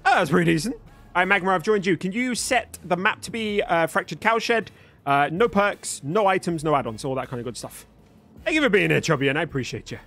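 A man's voice: high-pitched, lively intonation, fairly quick, fairly bright tone. A young man chatting live with his viewers while gaming, joking and swearing freely. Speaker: livestreamer. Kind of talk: live gaming stream chat.

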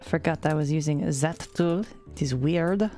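A woman's voice: sits low, measured pace, mellow, soft background music. A young woman streaming a game, chatting playfully and slipping into a joking mock French accent. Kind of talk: casual gameplay commentary.

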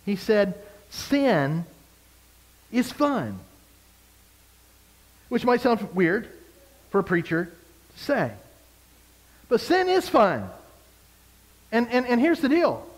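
A man's voice: very high-pitched, expressive, normal speed, low-quality recording. A man preaching a conversational sermon as a pastor, emphatic and fond of repeated phrases. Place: church service.

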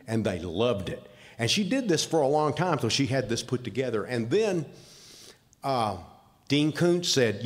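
An older man with a Southern US accent, speaking at an awards ceremony in a plainspoken, folksy storytelling manner. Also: medium pitch. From Southern United States. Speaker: award recipient speaking for his wife. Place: large convention hall. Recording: reverberant hall sound.

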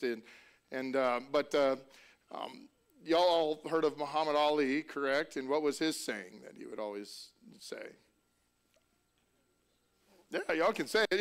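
A man preaching in a relaxed, conversational way, stumbling over restarts and tossing rhetorical questions to his listeners. His voice sits high for a man and rings smooth and clear. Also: normal speed. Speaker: pastor. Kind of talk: sermon.

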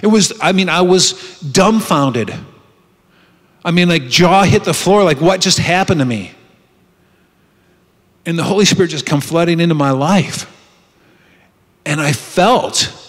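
A man's voice: high-pitched, a bit bright. A man giving a heartfelt personal testimony at a retreat, telling his story earnestly with frequent restarts. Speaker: retreat speaker. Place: conference hall. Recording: long hall reverb.

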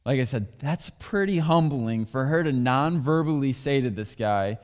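A pastor delivers a candid sermon full of personal stories in a church sanctuary, captured with long hall reverb. His medium-pitched voice is expressive, moderately paced, and almost never pauses.

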